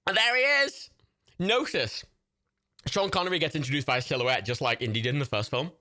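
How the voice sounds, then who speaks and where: A man's voice: medium pitch, animated, fairly quick, pushed and bright. A man hosting a livestream watch party, giving casual, chatty commentary over a film, swearing freely and breaking into laughter. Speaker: livestream host.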